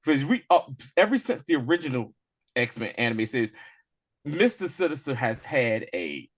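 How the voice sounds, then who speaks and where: Animated man recapping in slang. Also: mid-range voice, no echo. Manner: animated, slangy storytelling that slips into quick character voices. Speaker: podcast host. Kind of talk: casual episode recap.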